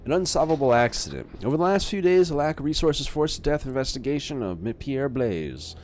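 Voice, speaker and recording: A man's voice: mid-range voice, animated, brisk, a little mellow, a little hiss or hum, voice pushed up, lightly acted. A man doing a formal male TV newscaster voice, reading in a stiff, announcer-like way.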